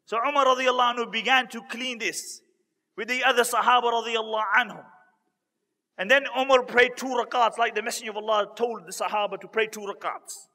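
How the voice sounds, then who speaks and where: Male preacher, very high and bright voice, earnest dramatic storytelling, long reverb. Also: steady tone. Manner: earnest, dramatic retelling with emotional pauses. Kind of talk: storytelling sermon.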